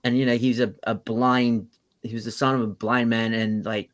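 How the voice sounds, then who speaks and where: A man's voice: mid-range voice, flat delivery, moderate pace. A man with a London accent, co-hosting a casual podcast chat and enthusiastically gushing about a favorite film. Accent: London English. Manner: enthusiastic, gushing, quotes film lines in character. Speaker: podcast co-host.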